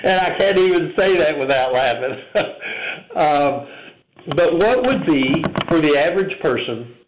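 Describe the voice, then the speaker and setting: A man hosting a casual interview, curious and hesitant, pausing on many fillers as he asks his questions. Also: fairly high pitch, expressive, noisy background. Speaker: interview host. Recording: echoey room.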